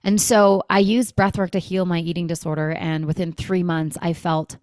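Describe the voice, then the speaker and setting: A woman in her thirties telling a personal story as a podcast guest, animated, acting out quoted dialogue with lots of "like". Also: on the low side, normal speed, no room sound, studio quality. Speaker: guest, breathwork company founder. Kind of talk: conversational storytelling.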